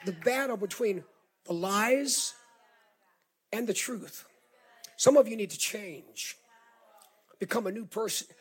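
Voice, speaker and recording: A middle-aged male pastor with a Southern accent, preaching a sermon as an animated storyteller who repeats words and builds to shouts. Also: high-pitched, slow pace, pauses often, breathy edge.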